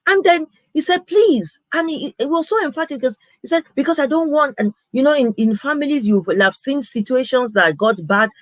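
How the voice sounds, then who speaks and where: A woman's voice: high voice, expressive, brisk, hardly any pauses, no echo, poor audio. A middle-aged woman pastor telling personal stories in a live sermon, earnest and anecdotal, often restarting her sentences. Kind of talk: live sermon-style storytelling.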